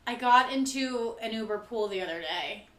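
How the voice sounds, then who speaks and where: Woman, higher pitch, bright sharp tone, chatty comedy co-host, echoey room. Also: lively intonation. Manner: chatty, quick reactions, lots of "like". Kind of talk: casual chat, storytelling.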